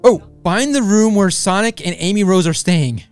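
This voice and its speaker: A woman's voice: medium pitch, moderate pace, a little mellow, soft background music. A woman hosting a casual gaming video, jokey and easily spooked as she plays. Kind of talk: casual game commentary.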